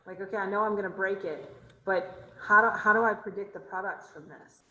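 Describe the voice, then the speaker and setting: A woman teaching chemistry over a video call, her voice sitting at an ordinary pitch. She talks her class through each step, quizzes them often and corrects herself as she goes. The room around her sounds echoey. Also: brisk, pushed and bright, highs cut off. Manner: asks students questions, thinks aloud while drawing. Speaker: chemistry instructor. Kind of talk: online class lecture.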